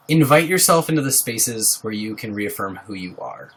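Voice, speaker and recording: At a medium pitch and moderate pace, a young livestream host chats casually with his audience, earnest and encouraging as he reads out viewers' names.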